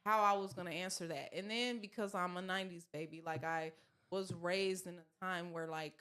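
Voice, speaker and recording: Woman in her thirties, Southern US accent, lowish voice, chatty podcast guest who rambles and restarts often. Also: steady tone, moderate pace, fairly bright tone, smooth. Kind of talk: casual chat.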